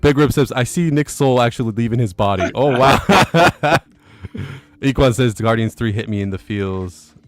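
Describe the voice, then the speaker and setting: A man hosting a casual livestream, reading viewer comments aloud in a relaxed way and chuckling between them. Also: mid-range voice, normal speed, no room sound. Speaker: livestream host.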